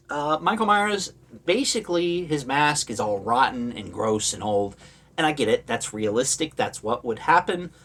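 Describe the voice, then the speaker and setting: A man's voice: medium pitch, fairly bright tone. Male horror vlogger, mid-range voice, casual rambling commentary, sarcastic. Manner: rambling, with many fillers and sarcastic asides.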